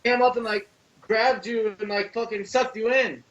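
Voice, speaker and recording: A man on a horror podcast telling childhood stories in casual chat, animated and full of profanity. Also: sits high, moderate pace, dull audio. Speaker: podcast co-host. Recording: distant mic with faint noise.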